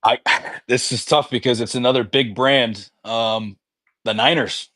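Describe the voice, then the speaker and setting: A man's voice: medium pitch, steady tone, a little slow, sharp tone, no room sound. A man co-hosting a casual sports podcast, telling rambling stories full of swearing. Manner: profane, rambling storyteller. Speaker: podcast co-host.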